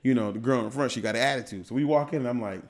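A man co-hosting a casual chat, telling a story in an animated, slangy, joking way. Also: medium pitch, very fast. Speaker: co-host.

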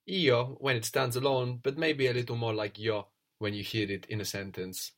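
A man teaching a spoken language lesson, explaining patiently and repeating words slowly for his student. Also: medium pitch, steady tone.

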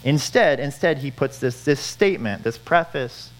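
A man's voice: mid-range voice, lively intonation, normal speed, poor audio. Earnest man preaching a sermon. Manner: earnest, repeats phrases for emphasis. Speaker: pastor.

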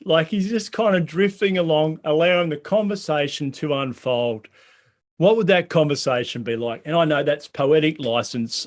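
A man preaching a sermon in a conversational way, asking the congregation many questions. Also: a little high. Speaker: pastor.

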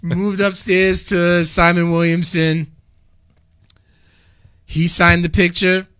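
A man's voice: sits high, slow pace, clean tone. A man in casual chat, animatedly telling convention stories and acting out what people said. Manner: animated storyteller, laughs often, acts out quotes. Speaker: podcast guest recounting a convention.

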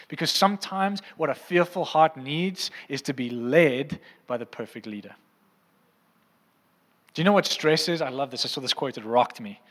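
A man preaches in a church hall with a long, ringing reverb, and his voice sits a little high. He talks in a conversational way and keeps asking the congregation whether they are following him. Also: lively intonation, normal speed, fairly bright tone. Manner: conversational, asks the crowd often. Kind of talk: sermon.

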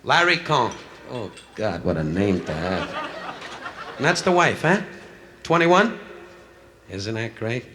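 A man's voice: medium pitch, sing-song, takes it slowly, long pauses. A man doing live insult comedy, brashly heckling people in the audience. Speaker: stand-up comedian. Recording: noisy 1960s live club recording. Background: audience laughter.

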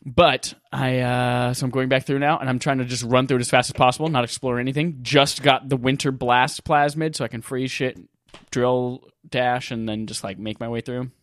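A man's voice: mid-range voice, moderate pace, no room sound. Joking man, dry close sound. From North Carolina, US. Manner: joking, profane, animated storytelling. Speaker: podcast co-host. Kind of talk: casual gaming podcast chat.

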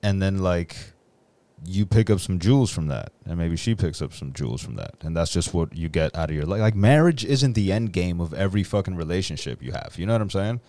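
A man in casual chat, musing in a philosophical way with drawn-out phrases and many fillers. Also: low-pitched, lively intonation, dark tone, dry recording.

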